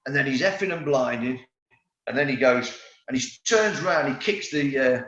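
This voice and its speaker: A man's voice: medium pitch, normal speed. A man in his fifties, a former footballer, telling rambling stories with restarts in a casual interview. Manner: lively storyteller, rambling with restarts. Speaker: former footballer, podcast guest. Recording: roomy, slightly dull recording.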